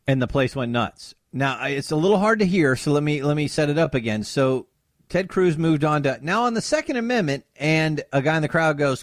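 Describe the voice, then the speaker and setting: A man's voice: a little high, lively intonation, a little fast, dry recording, clean studio sound. A man filling in as host of a talk radio show, giving sarcastic commentary and mocking opponents. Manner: sarcastic, mocks opponents in put-on voices.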